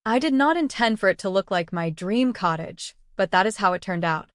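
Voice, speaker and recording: A shy young wife speaks softly and from the heart in formal, old-fashioned phrasing, as a woman narrator voices her. The recording is dry and close, with no room sound. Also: medium pitch, lively intonation, a little fast, no echo, close to an everyday voice. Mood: earnest. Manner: soft, earnest, formal period speech.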